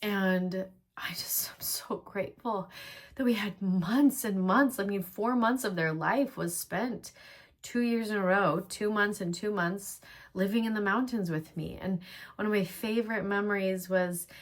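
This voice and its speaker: A woman vlogger telling personal stories in a heartfelt, reflective way, sometimes dropping to a hushed near-whisper. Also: medium pitch, normal speed. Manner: drops to a hushed near-whisper at tense moments. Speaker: vlogger, workshop host. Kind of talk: personal storytelling vlog.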